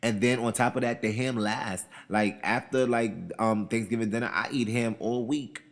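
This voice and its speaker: A man hosting a countdown show, talking in an animated, chatty way, repeating phrases and asking his audience questions. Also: mid-range voice, normal speed, in a large hall. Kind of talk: casual opinionated countdown monologue.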